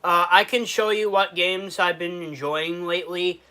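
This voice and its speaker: A man's voice: high voice, little pitch movement, moderate pace, bright, forceful tone. A man from Western New York with a New York accent, hosting a casual food review livestream, reading viewer comments aloud and answering them, sad underneath.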